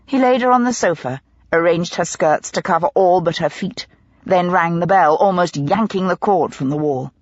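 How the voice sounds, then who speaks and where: Husky woman narrating dramatically. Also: lowish voice, moderate pace, no echo, muffled recording. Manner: dramatic, expressive storytelling. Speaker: audiobook narrator. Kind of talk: scripted narration.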